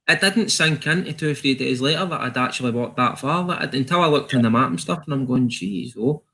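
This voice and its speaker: Soft-spoken man, bright voice. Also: medium pitch, fast talker. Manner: modest, hesitant, with fillers. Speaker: guest. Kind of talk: casual chat.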